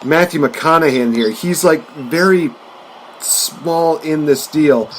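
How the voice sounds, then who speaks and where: A man's voice: on the high side, slow pace, slight background noise. A man hosting a casual podcast chat, rambling with lots of fillers and laughing often. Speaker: podcast host. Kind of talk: casual chat about movies.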